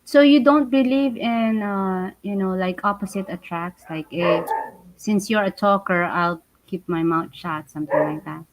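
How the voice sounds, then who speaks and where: Halting woman interviewer full of fillers. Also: mid-range voice, dull audio, a little hiss or hum. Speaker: interviewer, show host. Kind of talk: casual interview.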